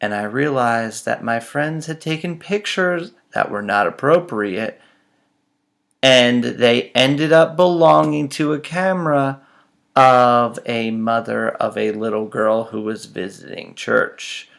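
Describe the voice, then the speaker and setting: Man, gravelly voice, casual self-mocking storyteller with a flair for drama. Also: mid-range voice, slow, a bit bright.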